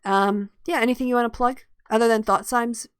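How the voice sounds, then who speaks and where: A woman's voice: a little high, fairly even intonation, a little fast, clear, resonant tone, no echo, studio quality. A tired woman hosting a podcast, chatting casually and laughing often. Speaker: podcast host. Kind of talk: casual chat.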